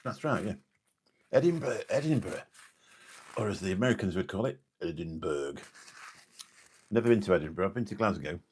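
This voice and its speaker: Here the Lincolnshire, England live streamer races along with few pauses in a deep voice, over a little hiss or hum. He's casual and jokey, rambling between viewers' comments on a late-night stream.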